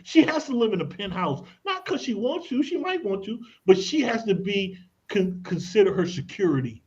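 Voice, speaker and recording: A man appears as a credit expert guest on a radio interview, explaining things emphatically, telling anecdotes and repeatedly saying "look at this." His voice sits high with a sing-song lilt, moving at a moderate pace with hardly any pauses. The audio is dull, with a little hiss or hum.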